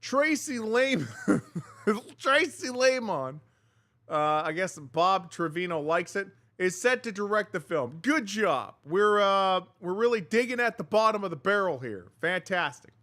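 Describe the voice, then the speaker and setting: Bright, high-voiced man riffing on entertainment news. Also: expressive, moderate pace. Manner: chatty, sarcastic asides to viewers. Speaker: news show host. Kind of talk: casual entertainment news commentary.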